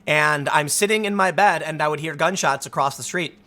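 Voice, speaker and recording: Male commentator, thirties, mocking and animated, slightly high and bright. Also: moderate pace. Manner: sarcastic, mocking, animated storytelling. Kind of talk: casual commentary.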